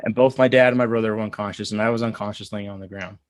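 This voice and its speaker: A man in his thirties telling a personal story in an earnest, halting way, with many fillers and restarts. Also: lowish voice, fairly even intonation, no echo. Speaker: guest. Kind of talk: casual storytelling.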